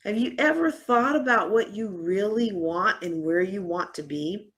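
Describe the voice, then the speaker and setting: A woman giving a lively live conference workshop, teasing her audience with sarcasm. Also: medium pitch, a little slow. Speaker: host and workshop speaker. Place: conference room.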